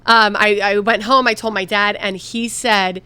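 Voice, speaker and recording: A woman's voice: medium pitch, fairly even intonation, unhurried, bright, forceful tone, clean tone, no room sound. A middle-aged woman from the Philadelphia area co-hosting a TV advice show, talking casually and often restarting her sentences. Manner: chatty, restarts often when making a point.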